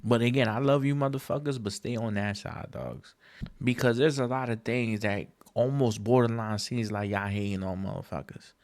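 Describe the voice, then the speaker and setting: Alone on his casual podcast, a man delivers an emphatic rant full of slang and profanity, his pitch leaping up whenever he gets exasperated. He talks at a normal speed with a slightly mellow tone.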